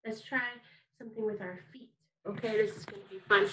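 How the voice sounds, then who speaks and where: A woman's voice: mid-range voice, fairly even intonation, fairly quick, background noise. A woman teaching an online kindergarten music lesson, upbeat and encouraging, leading call-and-response.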